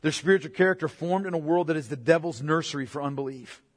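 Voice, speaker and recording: A man with a notably high voice delivers an emphatic sermon, driving points home by repeating them. His delivery swings between ringing declarations and hushed, almost whispered asides. A long reverb trails each phrase, as from a large church hall. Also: quick pace. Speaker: pastor. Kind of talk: expository sermon.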